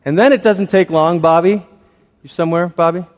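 A man's voice: high voice, a little fast, big-room sound. A man in his thirties preaching a sermon as a pastor, conversational and self-deprecating, telling stories about his family.

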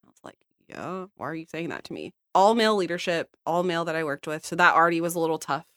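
A woman in her thirties from the United States, a podcast guest telling a work story in casual chat, blunt and lively, laughing often. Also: low voice, fast talker, no room sound, clean studio sound. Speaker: podcast guest, account manager.

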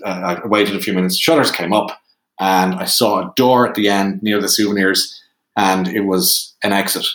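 A man with an Irish accent, a podcast guest telling a lively self-deprecating anecdote. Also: sits low, moderate pace. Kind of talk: animated storytelling. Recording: roomy echo.

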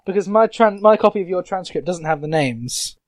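A young man hosts a podcast in loose, joking chat, laughing between lines. His voice sits a touch high for a man. The sound is close and dry, with no room echo. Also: expressive, fairly quick. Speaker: podcast host. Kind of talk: casual chat.

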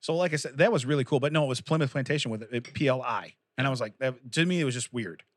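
A man chatting on a podcast, laughing often as he rambles. His voice sits at an ordinary middle pitch. The recording is dry and close. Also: quick pace, no echo. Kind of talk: casual chat.

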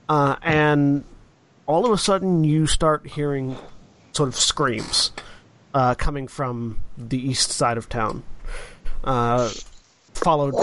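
Man, game master, slightly high voice, slow deliberate narration. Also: fairly bright tone, slight background noise. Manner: descriptive, unhurried scene-setting.

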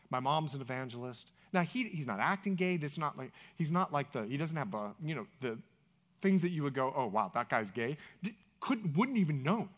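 A man preaching at a men's breakfast, telling a story with animated swings between loud bursts and hushed whispers. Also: on the high side, moderate pace. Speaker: pastor. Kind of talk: sermon storytelling.

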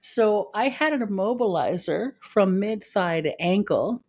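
A woman's voice: medium pitch, lively intonation, a little slow, darkish tone. A woman co-hosting a podcast, chatting casually, laughing easily and reading stories aloud. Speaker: podcast co-host. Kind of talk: casual chat and story reading.

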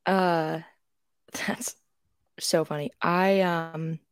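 A woman's voice: low-pitched, steady tone, drawn-out words, smooth, no room sound, clean studio sound. A young woman co-hosting a podcast, telling rambling stories in casual chat with lots of fillers and restarts. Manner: chatty storyteller with many fillers and restarts. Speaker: podcast co-host.

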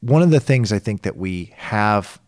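A middle-aged man in a casual podcast chat who tells stories in an animated way and acts out the voices of the people in them. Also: lowish voice, normal speed, no echo, clean studio sound. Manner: animated storyteller acting out quoted voices. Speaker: podcast co-host.

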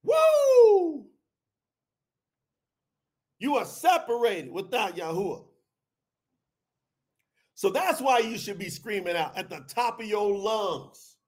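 High-voiced fervent male preacher. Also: expressive, measured pace, pauses often. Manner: fervent preaching, shouting out at peaks. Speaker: podcast host and preacher. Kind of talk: livestreamed scripture talk.

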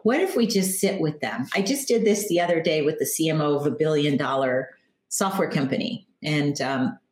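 A woman guest in an interview, speaking calmly and reflectively as she tells stories about marketing. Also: sits low, moderate pace, reverberant, poor audio. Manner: calm, reflective storytelling. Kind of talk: interview answers.

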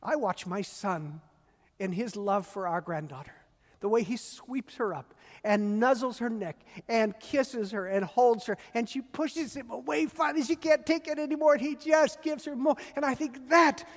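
An older man preaching a sermon as a pastor, earnest and warm, stressing and repeating key phrases. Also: extremely high pitch, moderate pace. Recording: long reverb of a large hall.

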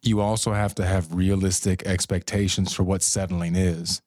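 A man with a somewhat low voice, talking casually on a podcast. He jokes around and swears freely. His voice is close and dry on the microphone. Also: level tone, moderate pace, darkish tone, no room sound. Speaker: podcast co-host. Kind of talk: casual chat. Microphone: studio microphone.

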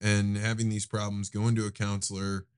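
A man's voice: fairly low pitch, completely flat delivery, moderate pace, clear, resonant tone. A man hosting a podcast who talks casually and thoughtfully, building his points through acted-out quotes. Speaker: podcast host. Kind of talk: casual conversation.

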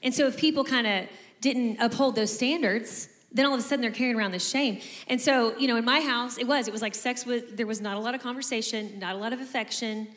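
A woman in her forties with a slightly high voice, talking quickly and chattily. She keeps her sentences loose and conversational. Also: fairly bright tone, big-room sound. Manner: chatty, with frequent "like" and "you know". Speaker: co-host. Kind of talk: casual conversation.

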